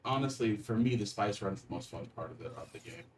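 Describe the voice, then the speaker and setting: Brief: man, low-voiced stream co-host, easygoing and jokey, a bit distant from the mic. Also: slight background noise. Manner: relaxed, playful, quick to laugh. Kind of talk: casual livestream chat.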